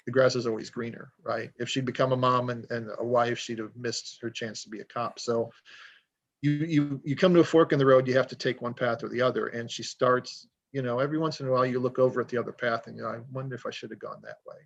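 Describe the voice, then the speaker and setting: A man's voice: mid-range voice, fairly even intonation, fast, lo-fi sound. A man talking casually on a podcast as an author guest, rambling and self-deprecating as he tells stories.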